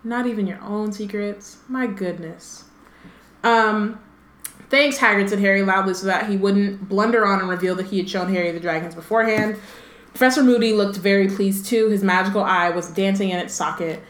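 A woman's voice: medium pitch, steady tone, brisk. Chatty woman podcaster in an echoey room. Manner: chatty, many "like" and "um" fillers, playful asides. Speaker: podcast co-host. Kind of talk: casual book-club chat, reading passages aloud.

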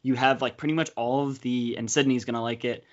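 A young man hosting a casual movie podcast, talking fast with quick asides. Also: medium pitch, steady tone. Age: young adult. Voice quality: chatty, quick asides, frequent laughs. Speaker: podcast host. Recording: slightly dull podcast audio.

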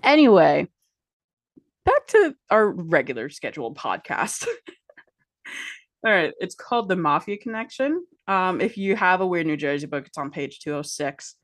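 A woman's voice: on the low side, expressive, normal speed, no room sound, studio quality. A woman co-hosting a casual podcast, teasing her co-host and reading aloud from a book.

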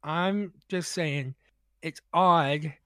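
A man on a comedy podcast telling a long anecdote in a halting, rambling way, full of restarts and acting out both sides of each conversation. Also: fairly high pitch, sharp tone, clear, resonant tone. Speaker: podcast co-host. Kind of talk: casual comedic storytelling.

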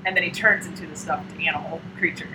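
A woman's voice: sits low, steady tone, fast talker. A young woman recounts a comic she loves in loose, chatty talk. She laughs often and slips into silly voices for the quotes. Some background noise hums under her voice. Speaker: podcast co-host. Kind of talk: casual chat retelling a comic.

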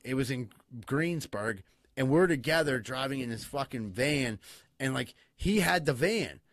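Excitable, profane male storyteller. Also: mid-range voice, unhurried, dry recording. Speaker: podcast co-host. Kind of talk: casual storytelling chat.

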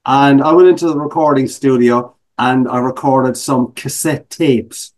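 Telling stories as a guest in a casual interview, this middle-aged man from Ireland speaks with an Irish accent and self-mocking humor. His voice is medium-pitched with fairly even intonation and a measured pace.

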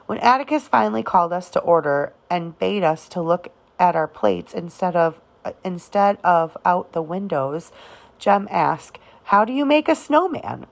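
A woman narrating an audiobook of a novel, reading in a halting way with occasional restarts on words. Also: lowish voice, vocal fry. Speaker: audiobook reader.

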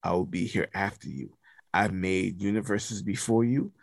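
A menacing, timeless god speaks in slow, solemn proclamations, put on by a man telling a story. The voice sits low and gravelly, and it is recorded dry and close. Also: no echo. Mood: ominous. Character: ancient all-powerful male deity, menacing and vast.

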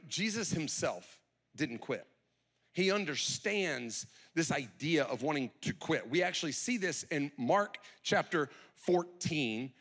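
A man's voice: mid-range voice, fairly bright tone. A middle-aged male pastor preaching a sermon in a conversational, storytelling way, full of rhetorical questions.

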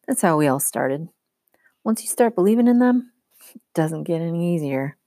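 A woman's voice: on the low side, animated, moderate pace, dark tone, no room sound, studio quality. A woman reading as an offhand teen boy counselor. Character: easygoing teen boy camp counselor, bitter.

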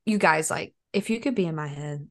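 A woman's voice: deep voice, a little fast. A young woman co-hosting a podcast in casual chat, telling stories animatedly and laughing often. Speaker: podcast co-host.

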